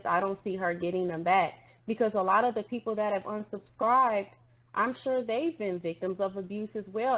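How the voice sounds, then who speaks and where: Earnest woman on a tinny line. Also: fairly low pitch. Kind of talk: casual online commentary chat.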